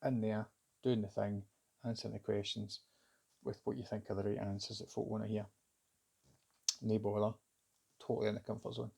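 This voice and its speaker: A Scottish man tells a personal story in a casual, rambling way, full of fillers and half-started sentences. His voice sits low and gravelly. His pitch barely moves. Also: little pitch movement, normal speed, long pauses, mellow. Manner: rambling and hesitant, with many fillers and restarts. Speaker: vlogger recounting a job interview.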